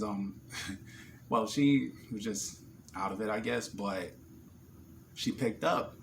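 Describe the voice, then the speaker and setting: Animated New Jersey man telling a story. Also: fairly low pitch, slight background noise. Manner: animated, profane, acts out scenes. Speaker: vlogger. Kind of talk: casual storytelling vlog.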